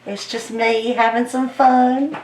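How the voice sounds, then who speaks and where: A woman's voice: on the high side, flat delivery, slow, a little mellow, recorded from a distance. A woman narrating her paint pouring as she works, chatty and playful, talking the paint along. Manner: talks to the paint, coaxing it along; playful, easily delighted. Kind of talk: chatty narration while working. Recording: echoey room, mic set back.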